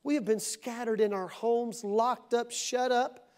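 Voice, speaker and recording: Man, pastor, high-pitched, sermon, church, swings loud and hushed. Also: steady tone, unhurried, clean tone. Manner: dramatic, acts out quoted voices, swings between loud and hushed. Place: church sanctuary with congregation.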